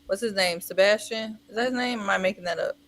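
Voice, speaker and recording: Animated American woman gossiping on a panel. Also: medium pitch, fast talker. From United States. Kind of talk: casual panel chat.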